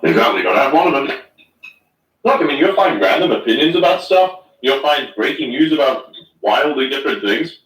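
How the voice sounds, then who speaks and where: A man's voice: mid-range voice, expressive, fairly quick, a bit bright. A man hosting an online audio chat, rambling casually with lots of fillers and swearing. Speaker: host of an online audio space. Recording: roomy, distant online audio.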